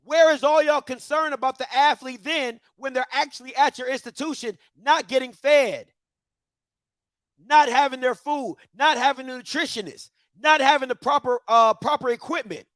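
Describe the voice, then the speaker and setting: A man's voice: very high voice, moderate pace, a bit bright, no room sound. A man hosting a commentary show, ranting passionately with repeated rhetorical questions and mocking voices of others. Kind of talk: passionate opinion rant.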